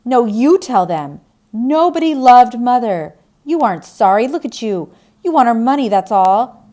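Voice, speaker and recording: A woman voicing an upset young woman who is quick to anger, her voice pitched high and pleading. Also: sing-song, dark tone. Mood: accusing.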